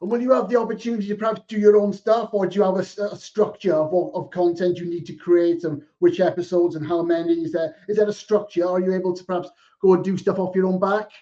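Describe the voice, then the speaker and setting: A man's voice: high voice, flat delivery, fast, hardly any pauses, dark tone, lo-fi sound. A middle-aged man hosting an interview, easygoing and laughing along. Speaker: podcast host.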